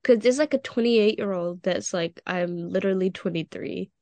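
A woman's voice: medium pitch, moderate pace, darkish tone, no room sound. A teenage girl co-hosting a casual podcast with friends, telling stories animatedly and acting out the people she quotes. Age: teens. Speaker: podcast co-host. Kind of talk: casual chat among friends.

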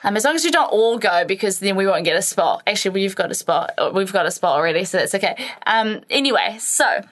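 Bright, animated woman storyteller. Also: mid-range voice, brisk. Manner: animated storyteller, laughs often, swears casually. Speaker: podcast co-host. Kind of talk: casual chat.

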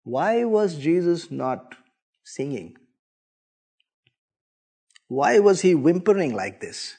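A man preacher giving a sermon, telling the story dramatically with big swings from soft to loud. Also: fairly high pitch, sing-song, slow pace, husky.

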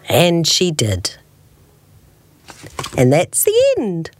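A woman radio presenter with a low voice reads a children's bedtime story aloud, slow and expressive, throwing in playful sound effects.

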